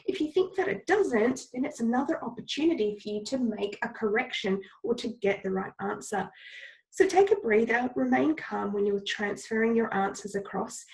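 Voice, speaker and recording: A woman's voice: fairly high pitch, poor audio. A woman teacher with a cold, giving patient, step-by-step instructions in a recorded lesson and repeating the key points. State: has a cold, coughing.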